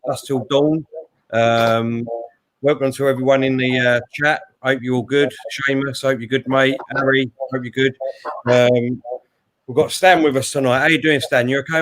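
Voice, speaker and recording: A man's voice: mid-range voice, no echo. A man hosting a casual live stream, chatting and greeting viewers by name. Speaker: host.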